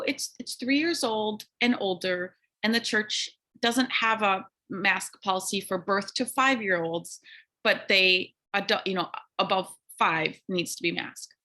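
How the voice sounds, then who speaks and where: A woman, an early childhood teacher, casually retelling a stressful encounter in an animated way, with anxious restarts and quoted dialogue. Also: mid-range voice. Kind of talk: casual storytelling conversation.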